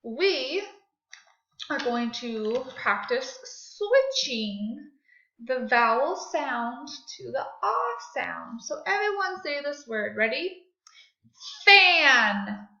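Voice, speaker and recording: A woman leads young children through a phonics lesson, stretching each sound slowly so they can repeat it. Her voice sits high and bright. The recording is dull and lo-fi, with a noticeable room echo. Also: sing-song. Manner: slow, exaggerated sounding out of words for children. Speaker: second grade teacher. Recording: echoey room, dull lo-fi audio.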